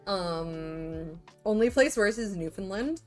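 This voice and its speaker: A Canadian woman streamer talks slowly and rambles to her chat, leaning on fillers as she goes. Faint music sits in the background. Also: medium pitch, expressive. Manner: rambling, chatty, lots of fillers. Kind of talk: casual chat with viewers.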